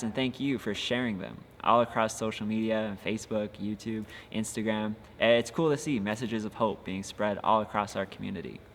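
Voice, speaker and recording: A young male youth pastor with a fairly low, slightly bright voice gives an earnest, encouraging devotional talk full of filler sounds. It's a casual devotional podcast, recorded with long reverb and faint ambient noise.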